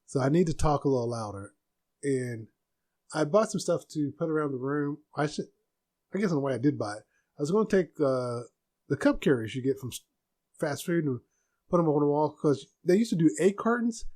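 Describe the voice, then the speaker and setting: A soft-spoken man hosting a casual solo podcast from a room at home, rambling with restarts. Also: a little high, expressive, fairly quick. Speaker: podcast host.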